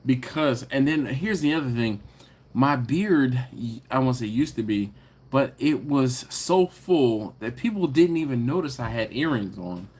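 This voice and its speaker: In a laid-back livestream chat, this male host reads comments from viewers aloud and replies with playful banter, frequent laughter, and drawn-out teasing stresses. His voice sits at medium pitch and is expressive, husky, and darkish in tone.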